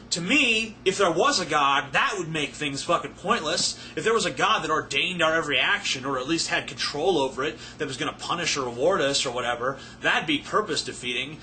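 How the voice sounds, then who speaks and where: A man's voice: a little high, expressive, normal speed, bright, forceful tone, a little hiss or hum. A man ranting profanely and sarcastically to camera as he answers viewer questions, rambling and a little drunk. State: tipsy, not sober. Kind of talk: casual rant to camera.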